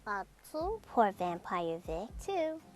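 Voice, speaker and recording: A woman reading a children's picture book aloud in an expressive, slow storytelling manner. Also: mid-range voice, over loud music. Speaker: storybook reader.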